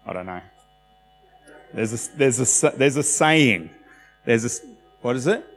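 A man's voice: mid-range voice, animated, measured pace. A man preaching a sermon in a loose, conversational way, with self-deprecating asides and acted-out quotes. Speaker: pastor. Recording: long hall reverb with faint music.

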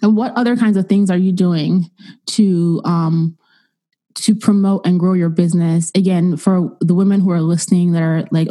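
A woman's voice: on the low side, steady tone, normal speed, warm tone. A woman hosting a podcast interview, chatty and encouraging toward her guest. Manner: chatty, encouraging, laughs easily. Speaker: podcast host.

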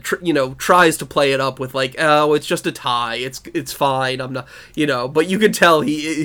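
A man's voice: a little high, fairly bright tone. A man co-hosting a podcast, chatting casually about a TV episode, swearing, laughing often and acting out characters' lines. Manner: profane, laughing, acts out quotes. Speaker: podcast co-host. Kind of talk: casual recap chat.

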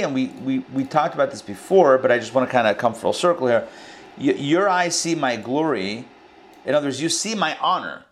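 A man teaching a scripture lesson verse by verse, in a conversational way with quick asides and restarts. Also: mid-range voice, slight background noise. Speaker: Torah teacher. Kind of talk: casual verse-by-verse Bible lesson.

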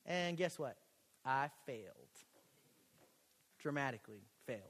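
A young man from Texas, a pastor preaching a sermon in a college chapel, telling a story and acting out the dialogue with lively, casual energy. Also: fairly high pitch, moderate pace. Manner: animated storytelling, acts out quoted dialogue. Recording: long hall reverb.

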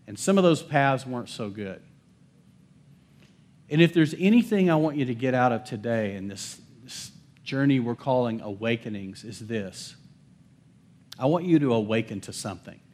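A male pastor preaches to his church in an emphatic sermon voice of ordinary pitch. He calls out for amens from the congregation and moves between ringing declarations and quiet, hushed lines. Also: lively intonation, normal speed, long pauses. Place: church service.

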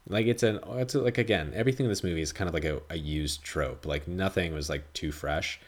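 A man's voice: a bass voice, fairly quick. A man hosting a podcast, chatting casually and rambling, swearing freely and acting out dialogue as he talks. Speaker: podcast host reviewing a film. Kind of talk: casual chat.

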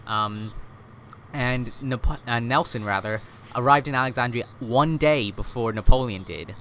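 A man's voice: medium pitch, normal speed, fairly bright tone, a little hiss or hum. A man explaining history in a casual podcast chat, with lots of fillers, self-corrections and "right?" tag questions.

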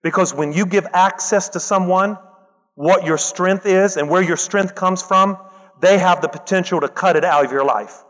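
A man preaching a lively sermon, acting out the people he quotes and breaking into loud bursts. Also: high-pitched, normal speed. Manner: animated, acts out quoted voices, loud bursts. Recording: long hall reverb.

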